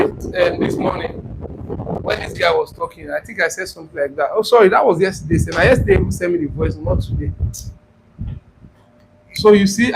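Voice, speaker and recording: High-voiced Nigerian man, chatty and teasing. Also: vocal fry. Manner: chatty, mixing Pidgin and English, teasing viewers. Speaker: forex trading class host. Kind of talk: casual live-stream class. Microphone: clip-on mic near the throat. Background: wind noise on the mic.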